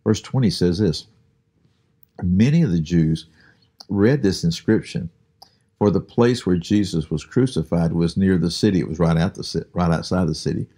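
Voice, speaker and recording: A man hosting a daily Bible podcast, talking through a Bible passage in a relaxed, unhurried way with frequent pauses. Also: low voice, breathy edge. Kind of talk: conversational Bible study.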